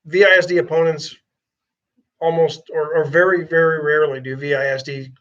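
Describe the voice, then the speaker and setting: A man's voice: fairly high pitch, flat delivery, fairly quick, a bit bright. A man co-hosting a morning radio show, teasing his partner and laughing often. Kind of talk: casual morning radio banter. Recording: distant, dull lo-fi sound.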